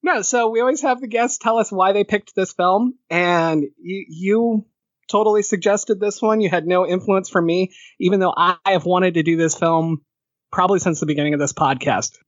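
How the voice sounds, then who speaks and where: High-pitched host guy teasing his guest, muffled lo-fi audio. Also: normal speed, no echo. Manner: teasing, laughs through his lines. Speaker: podcast host. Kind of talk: casual podcast chat. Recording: dull lo-fi podcast audio.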